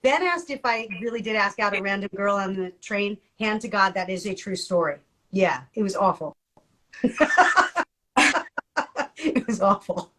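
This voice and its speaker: A middle-aged woman co-hosting a podcast in casual chat, animated and jokey, laughing often. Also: medium pitch, moderate pace, a little hiss or hum, poor audio. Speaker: podcast co-host.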